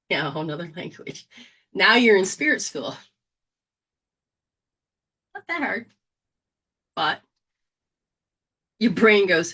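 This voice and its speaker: A woman teaching an informal spiritual healing lesson, animated and casual, acting out little scenes and slipping into slang and mild swearing. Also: mid-range voice, slow pace, long pauses, husky.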